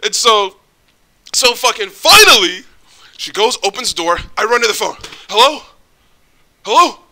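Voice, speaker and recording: A young man telling a story in a casual, excitable, profane, animated way. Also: high-pitched, moderate pace. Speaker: vlogger.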